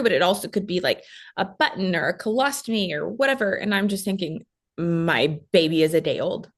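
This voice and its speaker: A woman in her thirties, a guest mother retelling a traumatic hospital week, talking quickly with many fillers and acting out what others said. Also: medium pitch. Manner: fast storytelling with many fillers, acting out quoted voices. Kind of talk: emotional personal recount.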